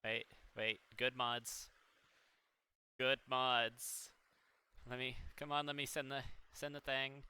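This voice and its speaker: A man's voice: mid-range voice, fairly even intonation, takes it slowly, pushed and bright, clear, resonant tone, dry recording. A young man live-streaming a game, chatting casually and joking playfully with his chat and mods.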